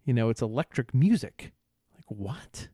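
A man's voice: medium pitch, very animated, unhurried, warm tone, husky, no echo, studio quality. A man co-hosting a podcast in casual chat, joking around and often stumbling and restarting his words. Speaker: podcast co-host.

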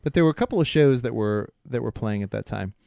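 Animated middle-aged man, rambling chat. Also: mid-range voice, fast talker, vocal fry, no room sound, studio quality. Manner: rambling, lots of fillers and laughs. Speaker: podcast co-host. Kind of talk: casual chat.

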